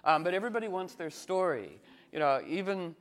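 A man talking in a meandering casual monologue as an astrologer, full of fillers and restarts, animated and playful. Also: high-pitched, brisk. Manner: animated, slips into playful cooing voices.

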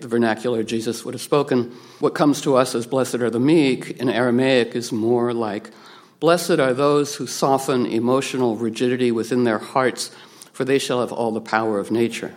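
A man giving a rambling spiritual talk, animated, acting out quotes from others with playful voices and frequent restarts. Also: medium pitch.

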